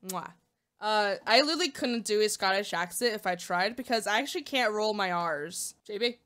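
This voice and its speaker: A woman hosting a reaction video, chatting casually in an animated way. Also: medium pitch, a little fast. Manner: animated and laughing.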